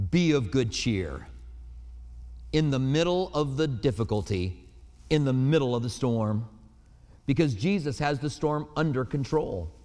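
A man preaching a sermon in an earnest, storytelling way, with personal anecdotes. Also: a little high. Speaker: pastor. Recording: reverberant hall.

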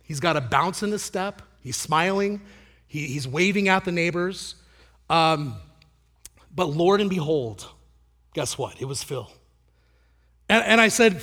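A man's voice: on the high side, lively intonation, unhurried, pauses often, a bit bright. A middle-aged man preaching a conversational sermon, telling stories with many restarts. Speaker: pastor.

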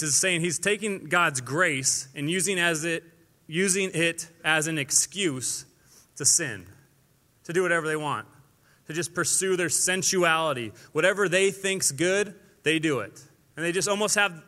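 A young man preaching a sermon in a lively, conversational way, acting out quotes as he goes. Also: a little high, measured pace, in a large hall.

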